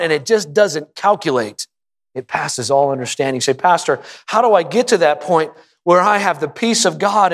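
A male pastor preaching a sermon with passion, his voice climbing to high emphatic peaks. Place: church auditorium. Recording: long hall reverb.

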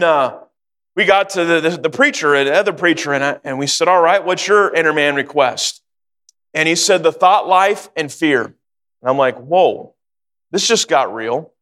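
A man's voice: high voice, bright, forceful tone, in a large hall. A man preaching a sermon, telling a personal story in an earnest way and building to fervent exhortation.

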